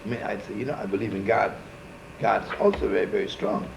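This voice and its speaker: Speaking fast in a lowish, creaky voice with fairly even intonation, a rabbi relates a folksy, rambling story peppered with Yiddish and repeated "right?" questions. Background noise is present, and the archival recording sounds echoey and muffled, as if made in a room.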